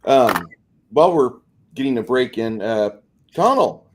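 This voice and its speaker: A man's voice: medium pitch, big pitch swings, measured pace. A man co-hosting a casual stream, rambling in a friendly way and often repeating his words. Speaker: co-host.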